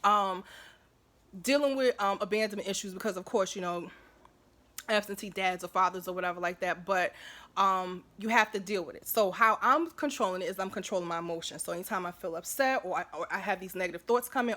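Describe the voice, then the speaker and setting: Speaking a little fast in a mid-range voice, this woman vlogger talks casually to the camera. Her asides are warm and chatty, and she keeps checking in with "you know what I'm saying."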